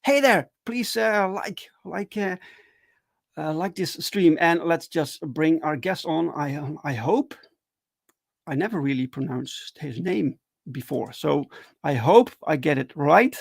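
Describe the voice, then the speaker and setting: A man hosting a casual livestream chat, excitable and full of fillers and restarts. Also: a little high, takes it slowly, creaky, breathy edge, no room sound. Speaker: talk show host.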